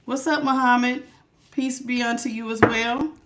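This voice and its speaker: A woman's voice: on the high side, steady tone, normal speed. Chatty woman tarot reader, noisy recording. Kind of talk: casual live tarot reading.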